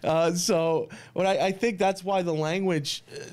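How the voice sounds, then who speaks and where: A man's voice: high-pitched, unhurried. A man, a pizza chef telling family stories as a guest in a casual podcast chat. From United States. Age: 30s. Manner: storytelling, animated when quoting family.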